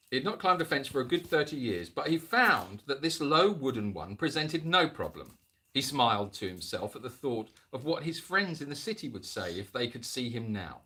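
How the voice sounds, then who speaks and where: A man reads a spooky story to a livestream audience, repeatedly stopping to mock it with dry, jokey, sarcastic asides. His voice is husky yet bright, and his pitch swoops lively up and down.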